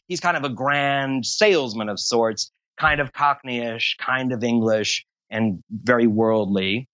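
A man's voice: mid-range voice, moderate pace, a bit bright, no echo, dull audio. A man being interviewed about voice acting, talking at length in a rambling, self-deprecating way. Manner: rambling, long-winded, self-deprecating humor. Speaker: voice actor interview guest. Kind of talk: casual interview talk.

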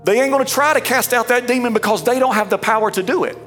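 A pastor giving an emphatic, dramatic sermon, voice rising into fervent shouts. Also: medium pitch, fast, soft background music. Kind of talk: energetic sermon.

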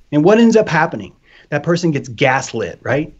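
Guy ranting animated on a podcast, swears a lot, kinda high voice, muffled audio. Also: moderate pace. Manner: animated, profane, acts out voices. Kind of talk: casual chat. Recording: dull lo-fi sound.

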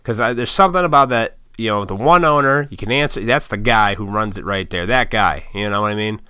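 A man's voice: on the low side, fairly quick, sharp tone, smooth, dry recording, clean studio sound. A man hosting a podcast alone, rambling casually with lots of swearing and laughs. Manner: rambling, profane, laughs often. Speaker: podcast host. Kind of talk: casual solo monologue.

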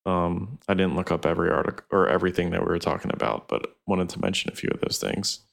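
A man with a low, deep voice reading through gaming news on a podcast. He sounds plain and matter-of-fact and drifts along with fillers between his points. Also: steady tone, quick pace, gravelly. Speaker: podcast co-host. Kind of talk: casual gaming podcast chat.

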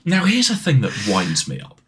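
A man co-hosting a podcast, chatting casually in an animated, playful way, with asides and restarts. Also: mid-range voice, moderate pace, slightly rough. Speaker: podcast co-host. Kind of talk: casual banter.

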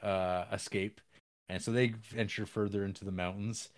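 A man co-hosting a podcast, casually recapping a film in a rambling, halting way with many restarts. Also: fairly low pitch, fairly even intonation. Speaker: podcast co-host.

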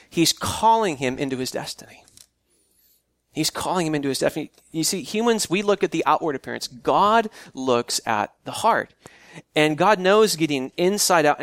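A man preaching a casual, conversational sermon, with a voice sitting a little higher than most men's. He often restarts his phrases as he talks. The sound is dry and close, with no room echo. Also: a bit bright. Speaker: pastor.

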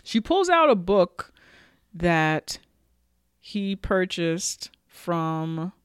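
Woman podcast cohost gossiping about an episode, smooth voice, super dry sound, swears a lot. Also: lowish voice, extremely slow, dry recording. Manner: chatty, profane, animated storytelling with frequent fillers. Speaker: podcast co-host recapping a TV episode. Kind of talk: casual chat.

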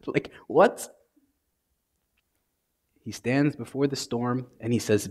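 A man, a priest, preaching a sermon in a conversational yet dramatic way, often dropping to a soft hush. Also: mid-range voice, slow pace, breathy edge.

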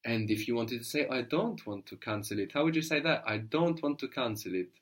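A man teaching a language lesson, patiently encouraging and modeling words slowly, syllable by syllable. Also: mid-range voice, animated.

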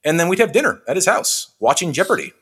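A young man from Western Washington, a film editor, telling a story in a casual interview, full of "likes" and quick restarts, acting out the people he quotes. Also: fairly high pitch, slightly rough. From Western Washington, USA. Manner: animated storyteller who acts out quoted exchanges; frequent likes and self-restarts.

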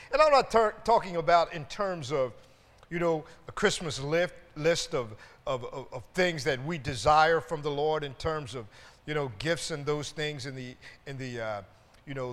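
Preaching a sermon, a male pastor with a high-pitched, fairly bright voice calls out hallelujahs and asks his congregation to answer back. He trips over repeated words while building his points, and the long reverb of the church sanctuary carries his voice.

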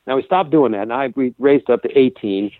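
A man talks quickly as a podcast guest, telling stories about coaching comics and switching into quoted voices. His voice comes through a thin, phone-like line. The sound is dry and close. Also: mid-range voice, no echo. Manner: brisk storyteller who acts out quoted students. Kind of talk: casual interview chat. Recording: tinny phone-like remote line.

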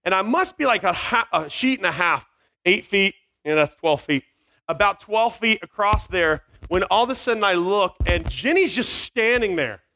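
A man telling a funny story to an audience, animated and self-mocking, acting out sounds, with a small mic near his beard. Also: sits high, moderate pace.

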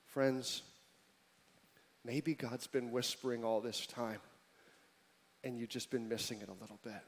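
A man preaching a sermon to a congregation, joking with the crowd at times and then dropping to a hushed, intimate tone. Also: mid-range voice, fairly even intonation, unhurried. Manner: swings from loud emphatic preaching to hushed near-whisper; humorous asides to the congregation. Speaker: pastor.

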